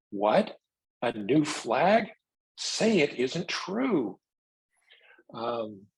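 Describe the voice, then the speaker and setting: A man giving a technical presentation, explaining new software features in a measured way and taking questions. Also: medium pitch, slightly rough, rough recording.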